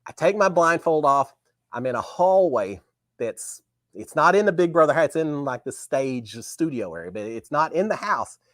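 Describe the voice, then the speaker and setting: A man's voice: on the high side, moderate pace, no echo. A man hosting a live talk show, telling a story casually and acting out remembered dialogue. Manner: animated, acts out remembered dialogue.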